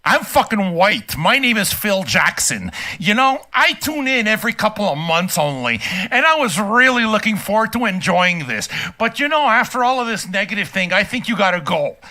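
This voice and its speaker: A prim, whiny man who sulks about being offended, as an old man mocks him. The voice comes across as prissy and nasal, bright in tone and swooping in pitch. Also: big pitch swings, normal speed, hardly any pauses, heavily acted. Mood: mocking prissy. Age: older. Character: prissy whiny male viewer, offended and entitled.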